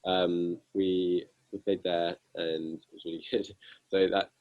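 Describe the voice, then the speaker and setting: A young man with a husky voice, telling self-deprecating band stories with lots of fillers in a casual interview. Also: low voice, flat delivery, measured pace, dry recording, phone-quality sound. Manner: self-deprecating, amused, rambling with many fillers. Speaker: guitarist guest.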